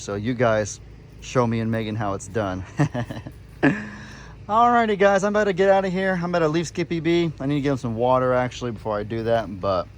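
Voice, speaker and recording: A man's voice: medium pitch, a little hiss or hum. A man, chatting casually to viewers on his farm vlog. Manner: laid-back, talks to viewers as y'all. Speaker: farm vlogger. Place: outdoors on a farm.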